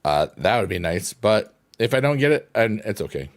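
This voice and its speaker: A man's voice: fairly low pitch, sing-song, moderate pace. A man chatting casually while playing a mobile game, rambling and goofy, now and then breaking into silly sing-song. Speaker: gaming streamer.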